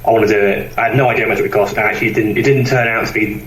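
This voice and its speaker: A man talks at length in a relaxed podcast chat, circling back with fillers and restarts. His low voice sits at a distance from the mic in a roomy, echoing space, and a faint hiss runs under it. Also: rapid-fire. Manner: rambling, with many fillers and restarts. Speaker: guest comic publisher.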